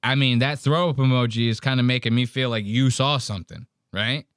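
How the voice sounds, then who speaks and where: A man hosts a podcast and riffs on a video clip in loose, profane chat, acting out the lines of the people he mocks. His voice sits at a middle pitch and is recorded dry, with no room sound. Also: fairly quick, fairly bright tone, clean tone, no echo. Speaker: podcast host. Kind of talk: casual reaction commentary.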